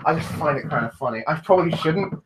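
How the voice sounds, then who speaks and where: A man's voice: a little high, lively intonation, fast talker, a bit bright, a little hiss or hum. A young man from England with a British accent, chatting casually and rambling on a livestream, often laughing and restarting his sentences. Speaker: YouTube livestream host. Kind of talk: casual live-stream chat.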